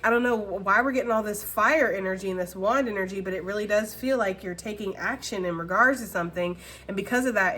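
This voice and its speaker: A woman's voice: mid-range voice, a bit bright. A woman talking through a casual tarot card reading at home in a chatty way. She laughs often and repeats phrases. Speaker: tarot reader.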